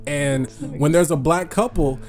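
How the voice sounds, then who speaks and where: A man's voice: a little high, a little slow, over music. A man co-hosting a casual podcast, arguing his points in blunt, slangy talk. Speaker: podcast co-host. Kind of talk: casual chat.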